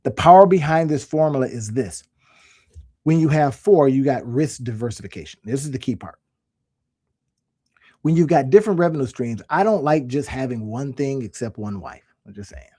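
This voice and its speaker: A man's voice: medium pitch, animated, moderate pace, dark tone. A man talking casually to camera as an online business coach, emphatic and fond of repeating his points. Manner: folksy, emphatic, repeats phrases for effect. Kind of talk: casual direct-to-camera talk.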